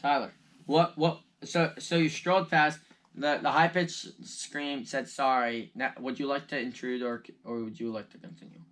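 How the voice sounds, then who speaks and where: A man's voice: mid-range voice, steady tone, moderate pace, a bit bright, slight background noise. A male game master narrating a tabletop game, rambling with many restarts.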